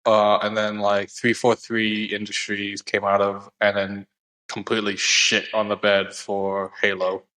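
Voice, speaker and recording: A man's voice: on the low side, completely flat delivery, unhurried, sharp tone, low-quality recording. A man co-hosting a casual podcast, talking in a laid-back, rambling way with lots of fillers. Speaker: podcast co-host. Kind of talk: casual chat.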